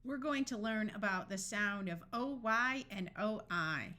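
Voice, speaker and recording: A woman teaching a phonics lesson, sounding out each word slowly, one sound at a time. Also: mid-range voice, pushed and bright. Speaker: phonics tutor. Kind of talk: slow, carefully enunciated reading lesson.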